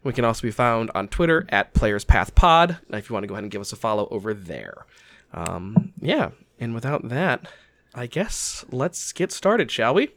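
A man's voice: medium pitch, very animated, normal speed, fairly bright tone, no echo. A man hosting a tabletop game podcast as game master, narrating the scene with theatrical storytelling.

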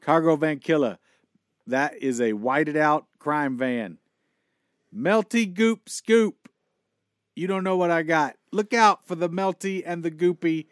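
A man trading puns on a comedy podcast in a slightly raised voice, playful and fast with wordplay. The sound is dry and close to the mic. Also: a little high, dry recording. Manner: quick punning wordplay. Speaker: podcast co-host. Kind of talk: joking podcast banter.

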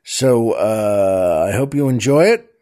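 A man's voice: fairly low pitch, animated, slow pace, mellow. A man hosting a comedy podcast, telling jokes in a chatty monologue full of asides and chuckles. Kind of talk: casual comic monologue.

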